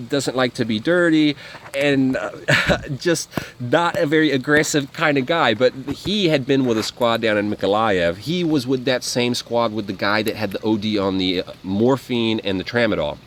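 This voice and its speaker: A male vlogger with a medium-pitched voice tells war stories to the camera in a casual, rambling monologue, full of fillers and restarts. A little hiss or hum sits under the audio.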